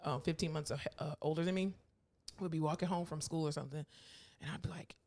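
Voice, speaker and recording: A woman co-hosting a podcast in casual chat, candid, laughing often and acting out quotes loudly. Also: deep voice, fast talker. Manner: animated storyteller, acts out quotes loudly. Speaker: podcast co-host.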